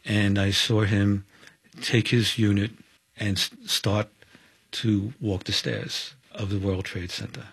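A man, a former fire chief, giving halting, measured interview testimony. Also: lowish voice, flat delivery, a bit bright, breathy edge, dry recording. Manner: halting, measured, pauses and restarts. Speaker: fire chief recalling the attack.

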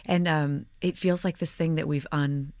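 This is a woman from Oklahoma with a low voice, speaking as an actor guest. She talks animatedly and fills her sentences with you-knows and ums. The recording is dry and close. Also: normal speed, no room sound. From Oklahoma, United States. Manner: animated, chatty, with frequent fillers. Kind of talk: conversational interview.

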